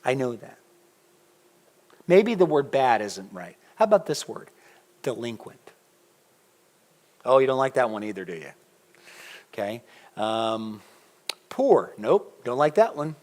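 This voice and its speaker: Lively, animated man preaching. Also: medium pitch, a little slow, pauses often. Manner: animated, conversational, asks the congregation questions. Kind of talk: sermon. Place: church sanctuary.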